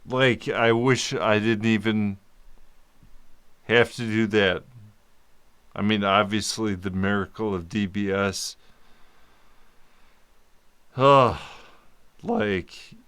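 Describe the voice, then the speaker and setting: A man talking candidly in a personal video diary, in slow, halting speech broken by long pauses and sighs. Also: on the low side, steady tone, a bit bright, clear, resonant tone. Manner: candid, informal, occasional cursing. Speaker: vlogger.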